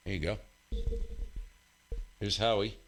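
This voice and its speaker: A low-voiced man talks slowly and rambles, joking at his own expense between radio calls. His tone is bright and forward. He speaks into a desk mic in his home radio room. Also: fairly even intonation, a little hiss or hum. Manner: rambling, joking, self-mocking. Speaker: ham radio operator and live stream host. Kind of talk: casual live stream chat and radio contest calls.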